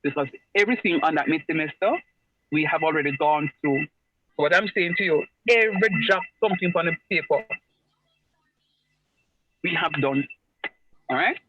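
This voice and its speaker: A man's voice: on the high side, normal speed, pauses often, husky. A man, teaching an online class in a chatty way and repeating phrases for emphasis. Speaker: lecturer. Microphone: video call. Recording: muffled video-call audio.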